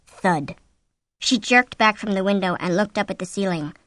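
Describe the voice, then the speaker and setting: A woman reading a horror novel aloud as an audiobook, with an expressive, suspenseful delivery on a close mic. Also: mid-range voice, normal speed, no room sound. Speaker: audiobook narrator. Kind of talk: scripted narration of a horror novel.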